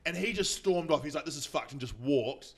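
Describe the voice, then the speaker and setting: Man, New Zealand accent, rapid speech, slightly high voice, rambling storyteller. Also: lively intonation, a loud crowd. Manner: rambling anecdotes with mocking quoted voices. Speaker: podcast guest, comedian. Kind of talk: casual chat, storytelling.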